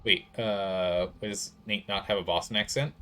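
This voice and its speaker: A man commenting on his game stream in a casual, rambling way. He drifts into asides and chuckles at what he sees. His voice sits slightly low. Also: steady tone, a little slow, bright, forceful tone, slight background noise. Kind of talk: let's play commentary.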